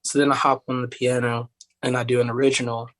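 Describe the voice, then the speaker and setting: Fast-talking with a level, fairly bright mid-range voice, this young Tennessee singer rambles through a story as a podcast guest. He leans heavily on "like," keeps it casual, and imitates the voices of others, all from Tennessee, USA.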